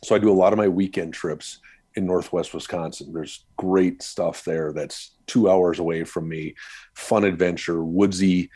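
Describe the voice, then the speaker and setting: A man with a very deep voice, from the Upper Midwest, chats as a podcast guest about his guiding work. He rambles, restarts and pokes fun at himself in an easy, unhurried way. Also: steady tone, mellow, breathy edge, no room sound. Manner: rambling, self-deprecating, many restarts. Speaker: podcast guest, canoe guide and blogger. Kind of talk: casual interview talk.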